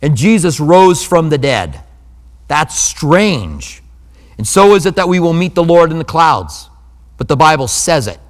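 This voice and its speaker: Pastor guy giving a chatty sermon, kinda high voice, echoey sanctuary. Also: sing-song, unhurried. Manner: conversational preaching with humor and asides.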